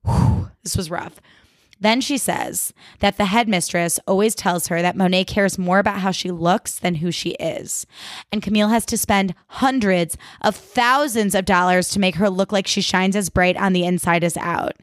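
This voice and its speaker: A podcast host recaps a TV episode in casual chat, swearing freely and saying "like" a lot. She has a medium-pitched voice and a moderate pace, recorded with a dry, clean studio sound.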